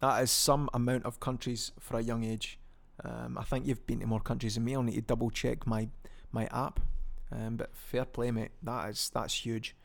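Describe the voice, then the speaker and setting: A man's voice: mid-range voice, level tone, normal speed, creaky, hardly any pauses. A young Scottish man hosting a podcast, chatting casually on his own and rambling with plenty of ums and restarts. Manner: chatty and rambling, lots of ums and self-corrections. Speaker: podcast host. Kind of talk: casual solo podcast chat.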